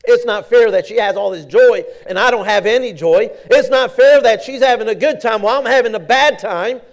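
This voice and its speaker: A man's voice: very high voice, a little fast, voice pushed up. Man putting on a whiny, indignant Martha. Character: frustrated complaining woman, Martha.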